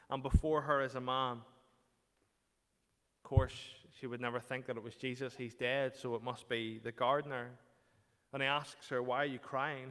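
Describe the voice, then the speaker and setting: A man preaching with dramatic, emphatic phrasing, his voice smooth and resonant. The sound carries a long reverb from the church around him. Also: medium pitch, fairly bright tone. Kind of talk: sermon.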